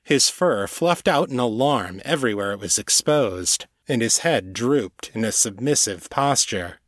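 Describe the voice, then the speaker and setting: A man narrating a novel chapter in scripted audiobook style, with a measured, even delivery. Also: mid-range voice, no echo, clean studio sound.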